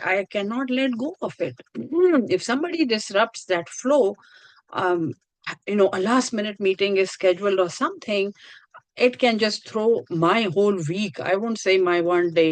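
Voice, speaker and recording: Woman, course instructor, earnest and repetitive phrasing, mid pitch, dry video-call sound. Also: moderate pace, dry recording, poor audio. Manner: earnest, repeats and restarts phrases. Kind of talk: online lecture.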